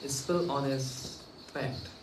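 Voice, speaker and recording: A man from India giving a devotional talk, telling a story gently and earnestly and voicing the people in it. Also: medium pitch, fairly even intonation, slow pace, noisy background. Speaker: spiritual teacher. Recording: echoey room, mic at a distance.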